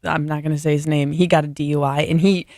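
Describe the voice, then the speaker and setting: Radio cohost telling a quick story, dry close mic sound, mid voice. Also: medium pitch, level tone, darkish tone, no room sound. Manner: chatty storyteller, laughs often. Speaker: radio co-host. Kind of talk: casual morning radio banter.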